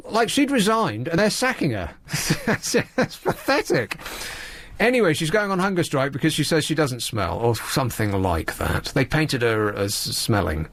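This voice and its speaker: A man's voice: medium pitch, expressive, unhurried, fairly bright tone. A man, hosting a radio show in a wry, rambling, sardonic monologue. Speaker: radio host. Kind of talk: late-night radio monologue.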